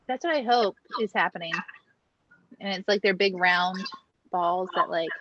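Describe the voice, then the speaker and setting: A woman's voice: fairly low pitch, normal speed, fairly bright tone, no echo. Chatty woman on a dull, dry recording. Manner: chatty, many ums and uhs. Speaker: podcast co-host. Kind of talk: casual food news chat.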